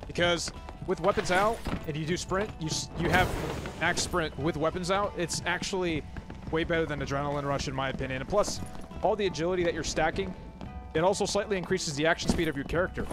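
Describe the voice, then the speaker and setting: A man's voice: on the high side, brisk. Ranting male game streamer. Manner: swears and rants, talks to chat. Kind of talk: casual gaming commentary. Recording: game music loud behind.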